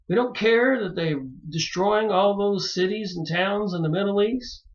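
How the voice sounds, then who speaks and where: A man's voice: high-pitched, measured pace, hardly any pauses, lo-fi sound. A man talking straight to his viewers in an emphatic monologue that rises into pleading exclamations. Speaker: video maker reviewing books. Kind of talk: monologue to camera.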